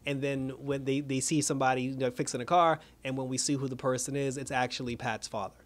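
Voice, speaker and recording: A man giving a casual, rambling recap of a TV episode, full of fillers and quick laughs. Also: medium pitch, level tone. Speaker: TV episode reviewer.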